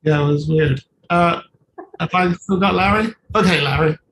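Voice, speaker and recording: A coach giving a live presentation on a video call. The delivery is animated and playful, with little scenes acted out. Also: medium pitch, moderate pace, slight background noise, poor audio. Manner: animated and playful, acts out little scenes while talking to a participant. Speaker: coach presenting at a virtual summit.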